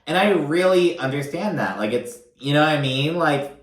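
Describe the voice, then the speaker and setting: A man's voice: fairly high pitch, animated, moderate pace, reverberant. A man giving casual, profane, gossipy recap commentary on a reality show, full of fillers.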